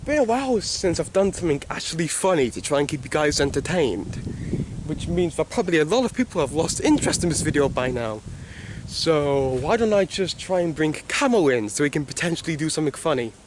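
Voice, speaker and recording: Chatty man hosting a game video, higher-pitched voice, rambling delivery. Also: very animated, fairly quick, noisy background. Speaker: gaming video host. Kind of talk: casual game commentary.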